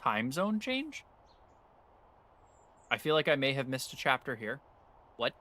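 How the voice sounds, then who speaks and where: A man's voice: medium pitch, sing-song, unhurried, pushed and bright. A man streaming and chatting casually while he plays, ranting with plenty of swearing as he works himself up. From United States. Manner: ranting, profane, gets worked up. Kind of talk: casual live-stream chat while gaming.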